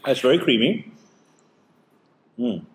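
Chatty dad hosting a taste-test vlog. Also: male voice, medium pitch, expressive, slow, background noise. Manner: chatty, explains and teases gently. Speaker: host and dad.

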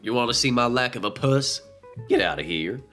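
A man's voice: medium pitch, animated, brisk, soft background music, voice pushed up. A man putting on a mocking impression of a brash chauvinist dad in a put-on rural American accent. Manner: loud and sneering.

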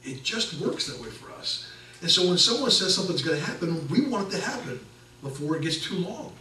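A middle-aged man preaching a sermon as pastor, conversational and animated, acting out the people in his stories. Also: a little high, fairly quick, a little hiss or hum. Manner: conversational, animated storytelling with acted quotes. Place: church sanctuary. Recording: echoey church from a distance.

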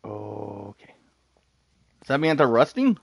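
A man giving live commentary while he plays a game, excitable, talking to himself and laughing often. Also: mid-range voice, slow, husky, dry recording. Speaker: gaming streamer.

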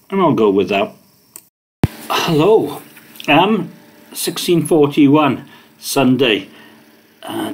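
Male vlogger, rambling casual chat, mid-range voice. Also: medium pitch. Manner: rambling, chatty, with many fillers.

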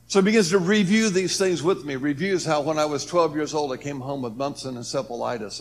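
An earnest man giving a personal testimony in an ordinary mid-range voice. He tells it as a story, letting his voice rise and sink and acting out the voices of others. A faint hum sits behind the recording. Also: mid-range voice. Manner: earnest, voice rises and falls with the story, acts out quoted speech. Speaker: speaker telling his near-death story.

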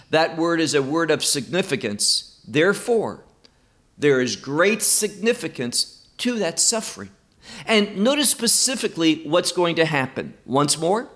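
Guy teaching bible verse by verse, slow and emphatic, voice rises and falls a lot. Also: a little high, fairly bright tone. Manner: slow, emphatic, stresses key words.

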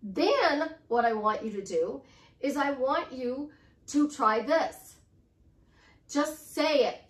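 Speaking slowly in a high, expressive voice, a middle-aged life coach chats upbeat to the camera. She repeats affirmations and wanders into friendly asides. The mic sits some distance away, leaving a roomy sound.

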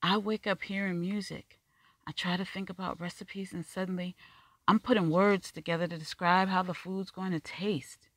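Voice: mid-range voice, steady tone, normal speed, fairly bright tone, no room sound, pitched above the performer's own voice, lightly acted. A reader voicing an anxious, rambling Black man. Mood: earnest. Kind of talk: audiobook dialogue reading.

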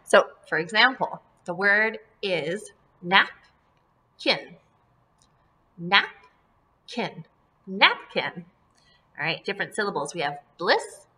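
A woman teaching a phonics lesson to young children, modeling words slowly and repeating them in a sing-song, encouraging way. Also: mid-range voice, lively intonation, sharp tone. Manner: slow, drawn-out word modeling, sing-song repetitions; encouraging, addresses children as friends and folks.

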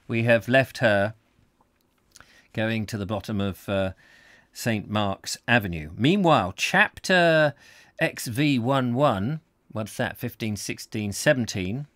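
A man's voice: medium pitch, expressive, takes it slowly, fairly bright tone, no room sound. Man reading a novel live, dry close sound. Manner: chatty, self-deprecating asides. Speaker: host and reader. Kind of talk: live audiobook reading with chat.

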